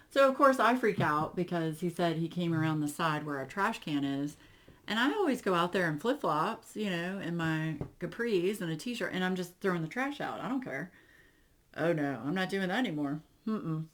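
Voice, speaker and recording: Low-voiced chatty woman. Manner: chatty, animated, wry sarcasm with lots of fillers. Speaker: diamond painting YouTuber. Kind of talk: casual chat to viewers.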